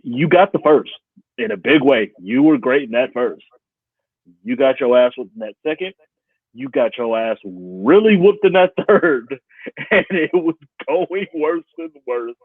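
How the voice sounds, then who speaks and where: A man talks sports in loose, profane banter, his pitch swinging widely as he laughs often. The sound is thin and phone-like with no room echo at all. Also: lively intonation, measured pace, breathy edge. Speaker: podcast co-host. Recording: tinny phone-like sound, dry.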